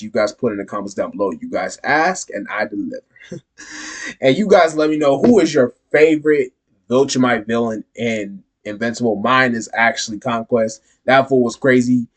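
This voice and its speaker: A man's voice: mid-range voice, fairly quick. Chatty man hosting a reaction video. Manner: chatty, laughing, hyping viewers into a call-and-response sign-off. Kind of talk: casual reaction commentary.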